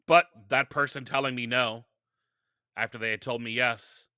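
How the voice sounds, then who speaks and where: Forceful, bright-voiced man telling stories. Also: mid-range voice, normal speed, clear, resonant tone, no room sound, studio quality. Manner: energetic storytelling with frequent restarts. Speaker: podcast guest. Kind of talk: casual interview talk.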